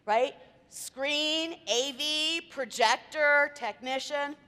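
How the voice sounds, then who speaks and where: A woman's voice: high-pitched, extremely slow, pushed and bright. A woman event planner giving a chatty talk to a live audience, quizzing the room and telling anecdotes. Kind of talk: lively presentation to a live audience. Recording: reverberant hall.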